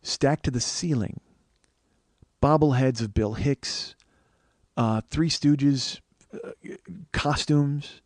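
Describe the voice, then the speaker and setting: A man's voice: mid-range voice, takes it slowly, long pauses, dry recording, studio quality. A man in his forties, a comedian hosting a podcast, telling a story in a profane, rambling, ranting way. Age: 40s. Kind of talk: casual comic storytelling.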